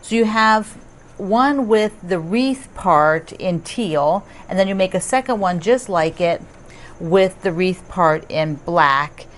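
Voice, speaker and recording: A woman hosting a casual quilting tutorial, chatty and upbeat, with asides and quick self-corrections. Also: lowish voice, a little hiss or hum. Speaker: quilting teacher and host.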